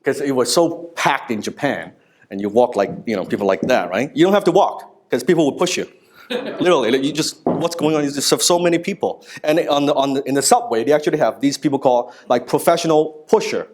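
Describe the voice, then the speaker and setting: A man in his thirties giving a live business seminar, telling stories in an animated, casual way with frequent asides and some swearing. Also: mid-range voice, brisk. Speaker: business speaker. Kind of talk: live seminar talk to an audience.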